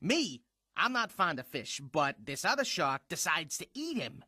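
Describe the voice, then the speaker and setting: A man voicing a grumpy, wry male shark telling a story in an animated film. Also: a little high, normal speed, dry recording, exaggerated voice. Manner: dry, grumbling storyteller.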